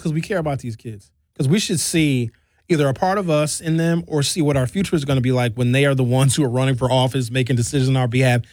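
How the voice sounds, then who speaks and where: A man's voice: medium pitch, no room sound. A man in his fifties talking in a casual monologue, blunt and profane, acting out quotes as he tells stories. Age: 50s. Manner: animated storytelling with acted-out quotes. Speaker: commentator.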